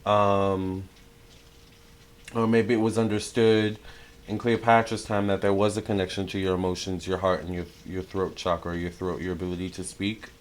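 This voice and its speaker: Young guy doing a tarot channeling talk, lowish voice, chatty, keeps correcting himself, gets excited. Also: moderate pace, slight background noise. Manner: excitable, chatty, many fillers and self-corrections. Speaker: tarot reader. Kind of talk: casual spiritual channeling talk.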